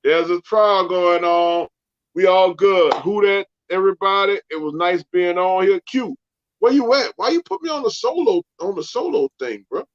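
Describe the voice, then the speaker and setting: A man co-hosting a casual sports show, joking, animated and laughing often. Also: sits high, moderate pace, slight background noise. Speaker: co-host. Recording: dull lo-fi sound.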